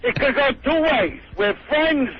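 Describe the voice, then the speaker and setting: A man with a very high voice calls in over a muffled phone line, faint hiss underneath. He talks in a brash, confrontational tough-guy manner, pushing his point in casual radio banter. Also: lively intonation, measured pace. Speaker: celebrity caller.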